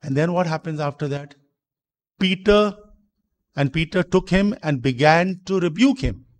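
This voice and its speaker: A man preaching a sermon in a church, explaining slowly, repeating himself and asking rhetorical questions. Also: on the high side. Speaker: priest.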